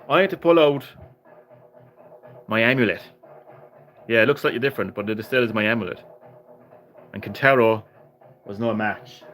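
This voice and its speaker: Brash trash-talking male gaming streamer. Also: mid-range voice. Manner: brash, profane trash-talk aimed at the game; excitable, jokey, sometimes rushes his words. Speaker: gaming livestream host. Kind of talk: live gameplay commentary.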